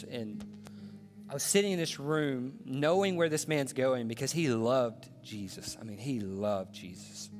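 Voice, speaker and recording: Pastor preaching in an echoing hall. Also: male voice, a little high. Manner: storytelling, swings from hushed to passionate. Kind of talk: sermon. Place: church sanctuary. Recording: long reverb in a large hall with soft music.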